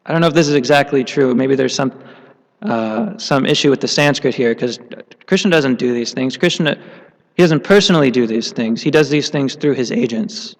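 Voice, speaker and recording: A man voicing a humble male scholar who speaks haltingly, recorded in a hall with long reverb. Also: medium pitch, lightly acted. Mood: doubtful. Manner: hesitant, halting.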